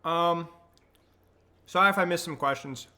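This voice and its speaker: A young adult man streaming from home at a desk mic, breaking down match plays in quick analytical commentary, then chatting with viewers in a relaxed way. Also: a little high. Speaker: streamer and coach. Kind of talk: casual match analysis and chat. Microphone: desk microphone.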